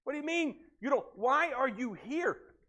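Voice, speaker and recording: A man's voice: very high-pitched, lively intonation, moderate pace, sharp tone, dull audio, voice pushed up, heavily acted. A man voicing a questioning male gatekeeper angel in a casual, everyday tone.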